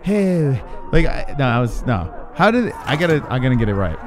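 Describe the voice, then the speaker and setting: A man's voice: medium pitch, big pitch swings, moderate pace, a crowd in the background. Profane joking male streamer. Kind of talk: casual live game commentary.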